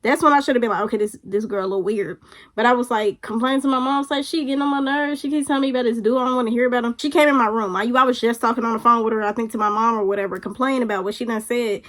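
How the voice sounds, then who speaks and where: A young woman casually telling a storytime with slangy, animated chat, acting out what others said. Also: rapid-fire. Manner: animated, acts out quoted voices with big pitch jumps. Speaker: storytime vlogger.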